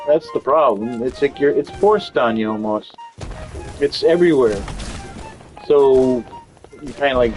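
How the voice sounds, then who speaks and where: A man's voice: mid-range voice, a little mellow, poor audio. A man chatting casually while he plays a game, rambling, swearing often and restarting his sentences. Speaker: gaming channel host.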